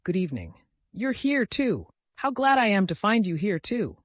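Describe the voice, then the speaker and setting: A man voicing a grief-stricken young man who talks in loud, impassioned, breathless outbursts. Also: sits high, huge pitch swings, moderate pace, no room sound, voice pushed up, full character voice. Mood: frantic, overwrought.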